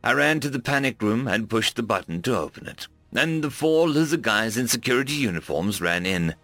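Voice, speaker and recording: A man voicing a shaken human man who sees himself as a coward, telling his story in a rueful, halting way. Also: medium pitch, lively intonation, a bit bright, no room sound, soft background music.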